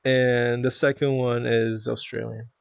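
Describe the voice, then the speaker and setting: Canadian male streamer, chatty and loose, average pitch, close mic in a dead-dry room. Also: level tone, unhurried, creaky, clear, resonant tone, no echo. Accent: Canadian (Toronto). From Toronto, Canada. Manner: chatty, rambling, laughs often. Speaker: live streamer. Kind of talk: casual stream chat, reading chat aloud.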